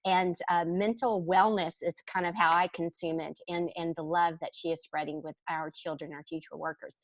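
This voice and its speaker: A woman's voice: lowish voice, fairly even intonation, normal speed, rough recording. A woman hosting an interview show, chatty and enthusiastic as she introduces her guest. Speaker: podcast host.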